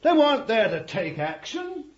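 A male preacher with a high voice that swings widely up and down, delivering a fervent sermon. He lingers over his words, repeats key phrases and addresses the congregation as beloved. The recording is dull and lo-fi. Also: huge pitch swings, moderate pace.

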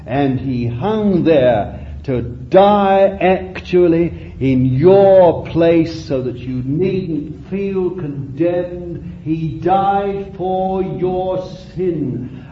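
High-voiced male preacher, slow and roomy. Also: slight background noise. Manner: impassioned, rising and falling, drawn-out phrases. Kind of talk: sermon. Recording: roomy, dull lo-fi recording.

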